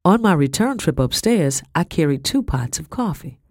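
A man giving steady, measured scripted narration of an audiobook. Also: a little high, no echo, studio quality.

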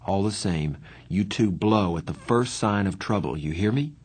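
A man's voice: low-pitched, lively intonation, moderate pace, breathy edge. A man voicing a stern, protective older brother in a storybook reading, firm and commanding.

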